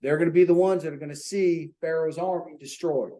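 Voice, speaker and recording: A man's voice: a little high, fairly even intonation, a little fast, mellow, rough recording. A man leading an informal Bible study for a small group, talking earnestly and checking in with rhetorical questions.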